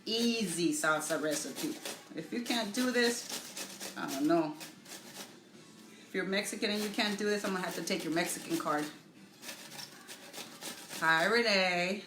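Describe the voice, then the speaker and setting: A middle-aged woman hosting a casual live cooking demo from her home kitchen, chatty and halting, stopping to greet viewers by name. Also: fairly low pitch. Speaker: cooking show host. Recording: echoey room with faint music.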